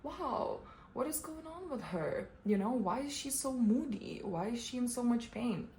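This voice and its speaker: A woman voicing her mother as a puzzled, worried parent, speaking softly and with bewilderment. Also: on the high side, animated, normal speed, roomy sound, slight background noise, close to an everyday voice. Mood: bewildered.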